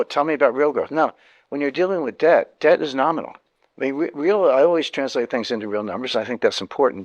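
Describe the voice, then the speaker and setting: A man of mid pitch talks as an interview guest. He hammers his main points by repeating them and restarts sentences as he explains, all in a dry, close sound with no room echo. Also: lo-fi sound. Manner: emphatic, repeats key points, frequent restarts. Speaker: interview guest, economic commentator.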